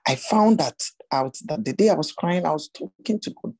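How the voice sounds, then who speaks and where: A woman preaches from her own story in a husky, breathy voice. Her tone is mellow and warm rather than bright. She speaks earnestly and keeps returning to the same searching questions for her listeners. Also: low voice, expressive, moderate pace, few pauses, no echo, poor audio. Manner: earnest, repeats rhetorical questions. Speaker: women's ministry speaker. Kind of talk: personal testimony sermon.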